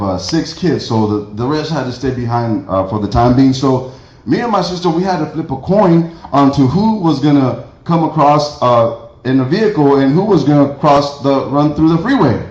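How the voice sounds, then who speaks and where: A man's voice: medium pitch, expressive, moderate pace, darkish tone. Chatty man doing stand-up in a roomy church hall. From Mexico. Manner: chatty, rambling storyteller, chuckling at his own jokes. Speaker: stand-up comedian. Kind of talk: stand-up comedy set. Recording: roomy, dull lo-fi hall recording.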